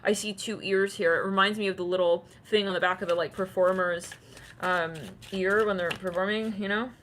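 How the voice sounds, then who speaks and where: A woman's voice: mid-range voice, steady tone, normal speed, fairly bright tone, slight background noise. A woman giving a casual tarot reading, rambling with many fillers and acting out quoted voices. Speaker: tarot reader.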